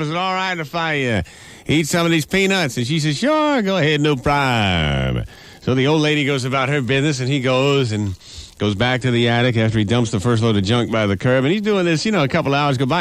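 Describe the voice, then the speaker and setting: A male radio DJ telling jokes on a morning show, animated, with frequent "uh" fillers. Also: medium pitch, no room sound. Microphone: studio microphone.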